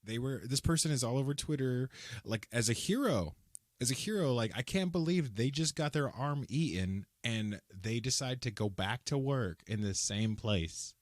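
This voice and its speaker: A young man co-hosting a casual podcast, retelling a story in a lively, animated way. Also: medium pitch, normal speed, no room sound, studio quality. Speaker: podcast co-host. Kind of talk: casual chat.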